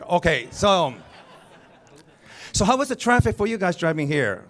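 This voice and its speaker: A man's voice: high-pitched, big pitch swings, moderate pace, pauses often, fairly bright tone. A man with a goofy voice, a comedian nervously hosting a live awards show, rambling and joking at his own expense. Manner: nervous, rambling, self-deprecating. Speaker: comedian host. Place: cinema stage before a live audience.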